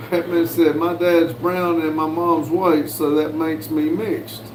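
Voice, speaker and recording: A man from the United States hosting a casual livestream, reading viewers' messages aloud in a folksy, unhurried way with lots of "uh"s. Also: on the high side, little pitch movement, noisy background. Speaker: livestream host reading chat. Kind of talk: casual live chat. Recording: roomy with faint background ambience.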